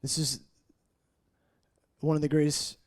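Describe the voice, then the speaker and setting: A man in his late twenties preaching an emotional personal testimony, shifting between hushed murmurs and raised, intense passages. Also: level tone, measured pace. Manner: earnest, swinging from hushed murmurs to raised, high-pitched intensity.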